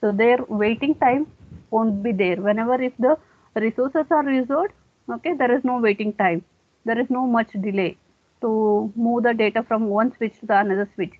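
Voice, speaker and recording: A woman's voice: a little high, moderate pace, dry recording. A woman giving a classroom lecture, explaining step by step and often saying okay. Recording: dry, tinny phone-like sound.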